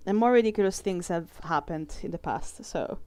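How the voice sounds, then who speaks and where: Young woman, casual chatter over a drawing session, smooth and clear, close and dry, rambling and swearing easily. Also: lowish voice, animated, moderate pace, darkish tone, dry recording. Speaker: artist streaming a drawing session. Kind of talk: casual chat while drawing.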